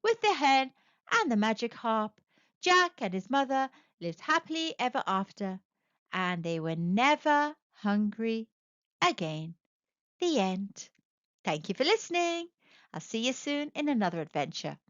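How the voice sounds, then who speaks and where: A woman reading a picture book aloud to children, narrating with expressive, animated storytelling. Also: fairly high pitch, a little slow, no room sound, muffled recording. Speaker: storyteller, channel host.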